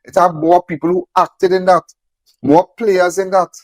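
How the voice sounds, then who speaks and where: A man's voice: high-pitched, level tone, normal speed, no echo. A man speaking emphatically, repeating phrases and firing off rhetorical questions. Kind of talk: impassioned on-camera talk.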